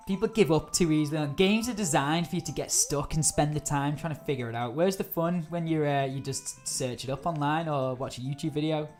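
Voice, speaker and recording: A woman chatting through a live gameplay stream, easily startled and quick to laugh. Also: sits low, darkish tone, soft background music. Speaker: game streamer.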